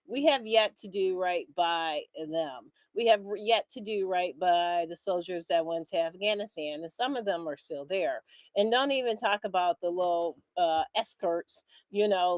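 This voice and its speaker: A woman's voice: mid-range voice, dry recording. Angry, impassioned woman commentator. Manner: impassioned, keeps tagging "right?". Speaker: guest commentator. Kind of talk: live political commentary.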